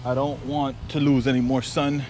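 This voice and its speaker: A man's voice: mid-range voice, level tone, moderate pace, a little mellow, slight background noise. A young man chatting casually to camera outdoors by his truck and garage, loose and rambling with fillers. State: out of breath. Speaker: car vlogger. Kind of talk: casual vlog talk to camera.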